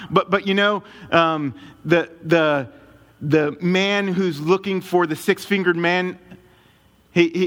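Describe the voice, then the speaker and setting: A man preaching a sermon to a congregation in a church, emphatic, with dramatic swings of pitch and pace. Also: a bit bright. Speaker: pastor. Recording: long reverb of a large hall.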